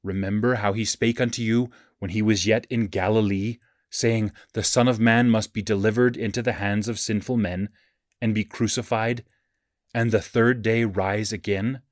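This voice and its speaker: Male reader voicing solemn angels in shining garments, measured, dry studio sound. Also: lowish voice, steady tone, dry recording, natural voice.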